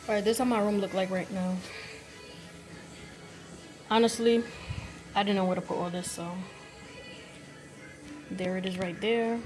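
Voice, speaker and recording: A young woman from New York chats loosely as she rearranges her bedroom, often wondering out loud what to do with her things. Her voice sits at a middling pitch. Soft music plays faintly in the background. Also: takes it slowly, long pauses. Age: 20s. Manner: chatty, thinking aloud, often unsure. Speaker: vlogger. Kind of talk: casual chat while cleaning. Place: bedroom at home.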